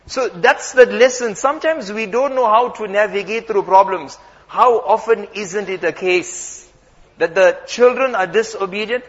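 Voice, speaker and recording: A man's voice: sits high, a little slow. A man preaching a sermon, telling stories and acting out the dialogue. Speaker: Islamic preacher. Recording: muffled sound in a reverberant hall.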